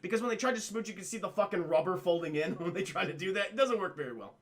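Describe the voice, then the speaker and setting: A high-voiced man reviews a film on a live stream, excitable and swearing freely. He recaps scenes for chat, acting out the characters in quick voices.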